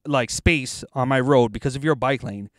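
A man's voice: mid-range voice, normal speed, dry recording, clean studio sound. A man, co-hosting a podcast from inside a car, telling a profane, ranting story in casual chat. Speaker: podcast co-host.

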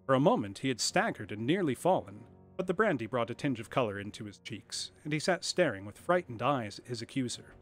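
A man reading a classic story aloud on a live stream in a lively, expressive way. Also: medium pitch, fairly quick, few pauses, faint music behind.

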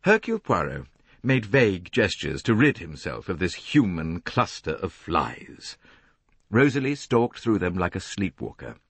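Deep, husky male audiobook narrator. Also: no room sound. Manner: measured, richly expressive reading. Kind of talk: scripted narration. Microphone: close studio mic.

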